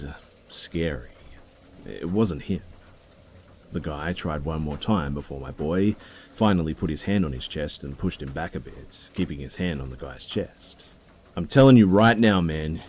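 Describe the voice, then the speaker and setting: A man narrating a true story in a steady, low-key storytelling manner. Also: a little hiss or hum. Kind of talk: reading a story aloud.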